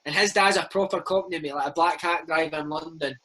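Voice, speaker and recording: Fast, chatty Scottish man. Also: a little high, poor audio. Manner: animated, chatty, keeps saying mate. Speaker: former footballer, interview guest. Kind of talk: casual storytelling chat.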